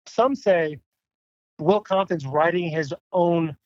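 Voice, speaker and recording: An upbeat man co-hosting a casual podcast, talking in a fairly high voice. His audio sounds dry and a little dull, as if from a remote setup. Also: slow pace, dry recording. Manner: upbeat, hyping his friend, calls him dude. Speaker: podcast co-host. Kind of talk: casual chat.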